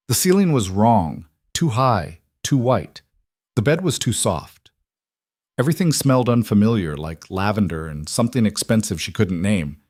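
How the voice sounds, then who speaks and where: A man reading scripted audiobook narration in an even, descriptive storytelling manner. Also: fairly low pitch, dry recording, clean studio sound.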